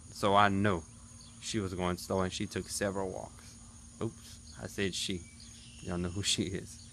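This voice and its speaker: A man in his thirties with a fairly low voice tells his viewers a story in a loose, chatty way and talks straight to them. Faint noise sits behind the recording. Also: flat delivery, measured pace, fairly bright tone. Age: 30s. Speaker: vlogger. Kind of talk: casual vlog recap.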